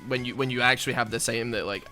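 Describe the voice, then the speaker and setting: A young man chats loosely over a game he is playing, his tone bright and edged. He wanders from one thought to the next, pokes fun at himself, and now and then bursts out loudly at what happens on screen. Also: mid-range voice, fairly even intonation, racing, faint music behind. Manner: rambling and self-mocking, with sudden loud outbursts at the game. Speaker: gaming YouTuber. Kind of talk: casual gameplay commentary.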